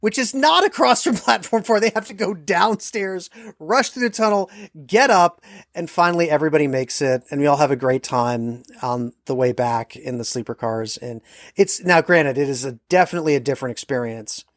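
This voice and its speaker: A podcast co-host telling a travel anecdote in casual chat, acting out the quoted lines with lively energy. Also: medium pitch, moderate pace, no room sound, studio quality.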